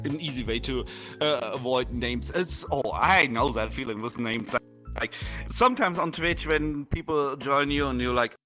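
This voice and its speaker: A German man with a German accent, a podcast guest who speaks slowly and hesitantly and giggles often. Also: mid-range voice, pushed and bright, faint music behind. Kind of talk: casual chat.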